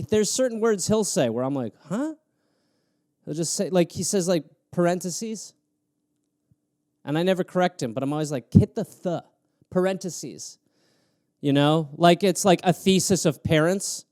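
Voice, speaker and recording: Sarcastic and animated, a man hosting a livestream improvises a solo comedy riff off viewer prompts, swinging between rants and fast mock asides. His voice is fairly high, and the recording is dry and close, without any room sound.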